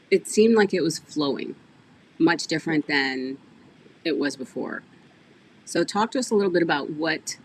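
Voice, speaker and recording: Animated lower-voiced woman coach. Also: slight background noise. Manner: animated, laughs often, addresses audience as "y'all". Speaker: business coach and podcast host. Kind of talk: casual interview chat.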